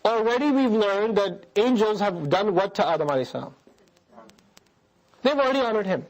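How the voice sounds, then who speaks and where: High-voiced man giving an animated lecture. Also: moderate pace, low-quality recording. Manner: animated explaining with rhetorical questions to the audience; recites scripture verses and then translates them. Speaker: Quran lecturer. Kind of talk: religious lecture.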